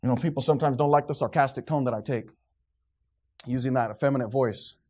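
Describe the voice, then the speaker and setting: A man's voice: mid-range voice, quick pace, a little mellow. A man preaching a sermon in a church, fervent and sarcastic and quizzing his congregation. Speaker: pastor.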